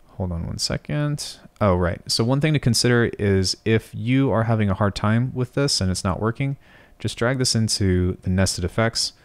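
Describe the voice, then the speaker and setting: A young man teaching sound design in a screen-recorded tutorial, thinking aloud and often correcting himself. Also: deep voice. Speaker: music production tutor.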